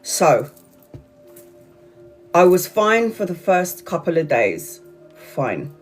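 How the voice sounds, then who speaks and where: A woman's voice: fairly low pitch, very animated, slow, faint music behind. Chatty woman telling a livestream story. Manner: chatty, repetitive storytelling with frequent swearing. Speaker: tarot reader on a livestream. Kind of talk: casual livestream chat.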